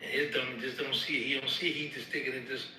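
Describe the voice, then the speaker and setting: A man telling a rambling, slangy story in a casual, animated way. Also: medium pitch, fast talker, a little hiss or hum. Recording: echoey with crowd behind.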